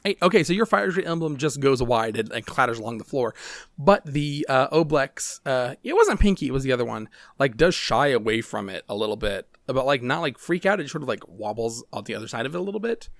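A man narrating as game master in a tabletop game, rambling and relaxed with many fillers. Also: medium pitch, a little fast, no echo.

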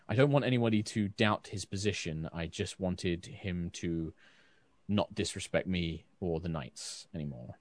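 A man voicing a female knight captain in a tabletop game, earnest and halting. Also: on the low side, no room sound, lightly acted. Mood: worried. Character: stern, honor-bound female knight captain.

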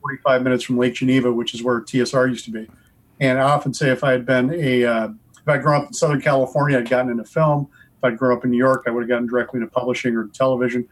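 Relaxed chatty man from Wisconsin. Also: mid-range voice, racing, low-quality recording. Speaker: guest author. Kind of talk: casual interview.

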